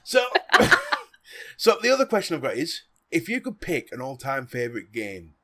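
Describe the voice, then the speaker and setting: A man's voice: medium pitch, wildly swooping pitch, moderate pace, fairly bright tone. A man hosting a casual podcast, joking and teasing his co-host.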